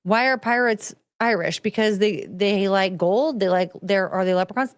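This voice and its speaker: A woman's voice: medium pitch, moderate pace, hardly any pauses, clean tone, dry recording. Woman podcaster, loose and rambling, musing aloud in casual chat, close dry mic. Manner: rambling, thinks out loud with rhetorical questions. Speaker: podcast host.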